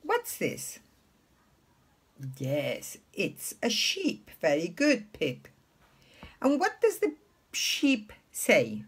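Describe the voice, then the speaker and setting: Slow, sing-song woman teaching children. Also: sits low, wildly swooping pitch, breathy edge. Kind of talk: children's English lesson.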